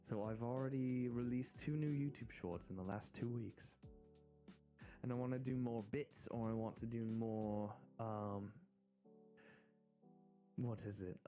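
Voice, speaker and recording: An American man streaming, chatting casually and excitedly in rambling asides. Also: mid-range voice, unhurried, pauses often, faint music behind. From United States. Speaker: VTuber streamer. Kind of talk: casual live-stream chat.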